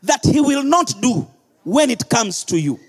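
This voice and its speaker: High-voiced impassioned male preacher. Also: big pitch swings, measured pace, long reverb tail. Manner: impassioned preaching, swinging from shouts to quiet low asides. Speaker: pastor. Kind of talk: sermon.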